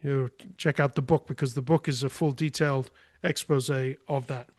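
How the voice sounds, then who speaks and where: A man's voice: mid-range voice, steady tone, normal speed, a little mellow, no room sound. Emphatic man telling a story. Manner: forthright, emphatic. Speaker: podcast guest. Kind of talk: casual storytelling.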